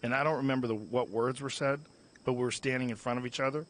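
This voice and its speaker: A man from Massachusetts who hosts a podcast. He tells candid personal stories with quick asides. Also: medium pitch, fairly even intonation, fairly bright tone, slight background noise. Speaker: podcast host. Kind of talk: casual chat, telling anecdotes.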